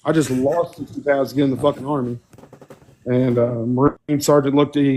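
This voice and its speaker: A man's voice: medium pitch, little pitch movement, brisk, a little mellow. A man telling profane army stories in casual chat with friends. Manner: profane storyteller, does voices of people he quotes. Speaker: podcast co-host.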